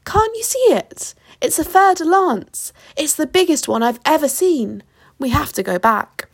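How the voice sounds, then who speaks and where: A woman voicing a male bird guide who shouts urgent warnings in alarm. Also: high voice, expressive, drawn-out words, dry recording, pitched above the performer's own voice, full character voice.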